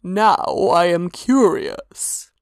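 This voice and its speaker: A woman voicing a curious, slow-speaking tentacled male god with a dry manner. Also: fairly low pitch, dry recording.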